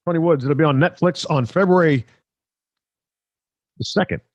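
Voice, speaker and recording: A man's voice: fairly high pitch, normal speed, no echo, highs cut off. A middle-aged man hosting a live stream, chatting casually, reading viewer comments, and rambling with jokes at his own expense. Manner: rambling, joking, self-mocking. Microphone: close microphone.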